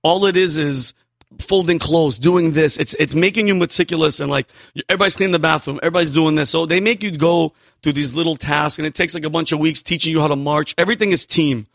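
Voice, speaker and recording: A man with a slightly high voice tells stories as a podcast guest. He swears freely and gets worked up, and his voice sounds close and dry. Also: fast, vocal fry, dry recording. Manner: profane, excitable storyteller. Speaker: podcast guest, military veteran. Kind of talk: casual storytelling chat.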